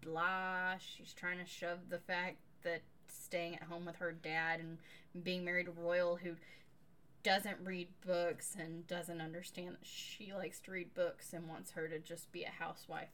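A woman co-hosting a casual book-review podcast, recapping a novel in an animated, sarcastic way and swearing casually. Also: on the low side, unhurried, a little hiss or hum. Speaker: podcast co-host.

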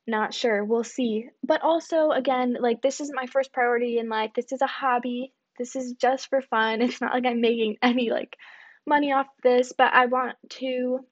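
A woman's voice: on the high side, fairly even intonation, normal speed. A young woman hosting her own podcast, chatting casually and rambling a little, with lots of fillers and self-deprecating asides. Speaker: podcast host. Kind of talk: casual solo podcast chat. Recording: dull lo-fi home recording.

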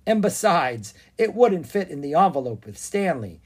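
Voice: mid-range voice, big pitch swings, darkish tone, breathy edge, voice pushed up. A reader voicing a dry-witted father. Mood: measured. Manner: measured, dry. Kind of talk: storybook read-aloud.

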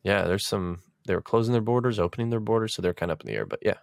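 A man with a fairly low voice co-hosts a podcast in loose, casual chat. He jumps in with teasing questions and chuckling asides. His voice sounds dry and close. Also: animated, racing, creaky, no echo. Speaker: podcast co-host.

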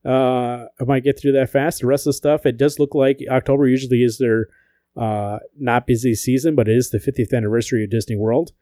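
A man's voice: mid-range voice, fairly quick, dry recording. A man co-hosting a podcast in casual chat, joking and swearing as he tells stories. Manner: profane, joking, animated storytelling. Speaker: podcast co-host.

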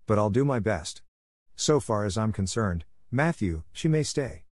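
A man's voice: lowish voice, lively intonation, a little mellow, dry recording, studio quality. Stern old spinster, read by a man. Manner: brisk, scolding. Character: stern strict spinster woman, older, sharp-tongued.

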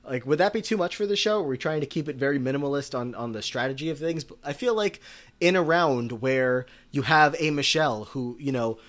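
Speaking a little fast, another male podcast co-host rambles through a laid-back recap chat packed with fillers. His voice is mid-range and fairly bright.

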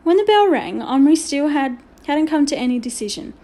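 A woman narrating a children's storybook aloud in an expressive, measured way. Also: high voice. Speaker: audiobook reader.

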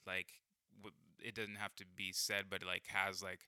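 A man's voice: sits low, monotone, normal speed, bright, forceful tone, dry recording, studio quality. A young man telling a personal story in casual chat, rambling, full of fillers and swearing.

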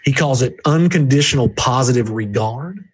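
Husky, emphatic man coaching listeners. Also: lively intonation, moderate pace. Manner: emphatic, jumpy pitch, direct address to listener. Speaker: guest reviewing a book on sales. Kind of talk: energetic coaching talk.

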